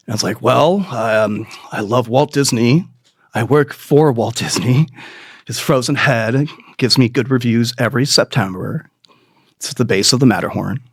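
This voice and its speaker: A middle-aged man telling a rambling, profane comic story with quick asides and put-on voices. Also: medium pitch, husky, no echo, studio quality. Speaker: comedian. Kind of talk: stand-up storytelling.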